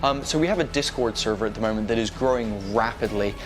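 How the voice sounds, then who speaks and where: A man's voice: on the low side, fast talker, music in the background. A man narrating a tabletop game as game master, casual and full of fillers. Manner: casual, filler-heavy storytelling.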